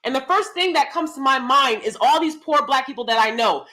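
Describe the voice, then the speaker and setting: Animated, bright-voiced woman telling a story. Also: high voice, brisk. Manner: animated storytelling, acting out both sides of a dialogue; exasperated, repeats words and restarts. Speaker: speaker telling a personal story. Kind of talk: casual ranting monologue.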